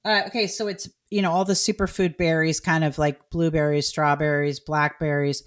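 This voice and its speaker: A middle-aged woman hosting a podcast in casual chat, playful and talkative, dropping to low mutters and jumping to high exclamations. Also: flat delivery, moderate pace. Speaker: podcast host.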